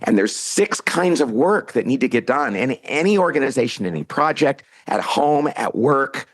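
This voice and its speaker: Husky-voiced man telling an animated story. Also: medium pitch, normal speed. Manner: animated storyteller, acts out quoted lines. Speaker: podcast guest, author and CEO. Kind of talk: storytelling in a casual interview.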